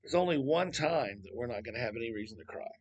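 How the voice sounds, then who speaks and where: A man of middle pitch teaching from scripture in a loose, chatty way. He wanders into asides and throws out rhetorical questions as he talks. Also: lively intonation, quick pace, breathy edge. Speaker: Bible teacher. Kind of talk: casual Bible teaching.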